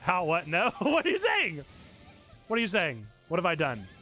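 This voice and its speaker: Excitable high-voiced male streamer. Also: moderate pace, soft background music. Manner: excitable, bursts into shouting. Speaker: game streamer. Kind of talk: live gameplay commentary.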